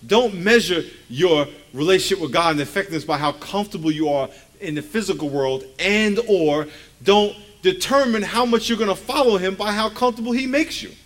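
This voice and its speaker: Man in his forties, bright high voice, preaching to a church; casual and funny, keeps asking the room questions. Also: a little fast. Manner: lively, joking, asks the congregation rhetorical questions. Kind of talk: conversational sermon.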